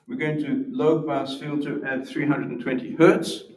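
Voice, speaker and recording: A man's voice: on the high side, fairly even intonation, normal speed, darkish tone, slight background noise. Man lecturing in an echoey room. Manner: explanatory, repeats words when restarting. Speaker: symposium presenter. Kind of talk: academic lecture with demonstrations. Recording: roomy echo from far off.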